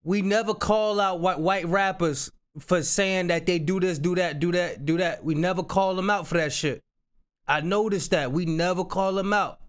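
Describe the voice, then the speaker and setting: Slangy man reacting, voice on the high side. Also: moderate pace. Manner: repeats phrases, slangy and animated. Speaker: reaction streamer. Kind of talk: casual reaction commentary.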